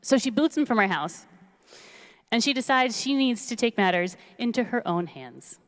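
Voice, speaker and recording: A woman rabbi retelling a story in a casual, lively sermon in a synagogue sanctuary. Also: on the high side, moderate pace. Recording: long reverb of a large hall.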